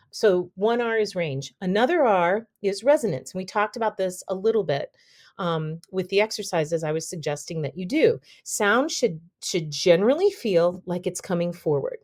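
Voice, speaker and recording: A woman's voice: fairly low pitch, animated, normal speed, darkish tone. A woman, a vocal health expert guest on a podcast, explaining and demonstrating speaking habits, often checking in with "okay?". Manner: demonstrates voices while teaching, says "okay?" often.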